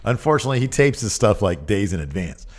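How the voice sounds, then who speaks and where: Excitable man co-hosting a wrestling podcast. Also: fairly low pitch, fast talker. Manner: excitable, laughs often, trails off. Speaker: podcast co-host. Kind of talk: casual chat.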